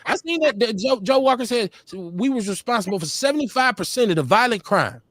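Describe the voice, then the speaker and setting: A man's voice: very high voice, animated, fairly quick, a bit bright, no echo, studio quality. A man co-hosting a live-stream talk show, talking casually with a blunt, profane, laughing manner. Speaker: podcast co-host. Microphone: streaming call.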